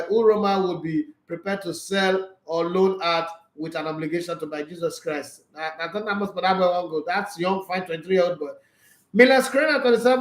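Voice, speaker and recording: Reading football transfer news in an echoey room, a Nigerian man with a high-sitting voice reacts as he goes. His chat is casual and opinionated, sprinkled with pidgin jokes and frequent laughter.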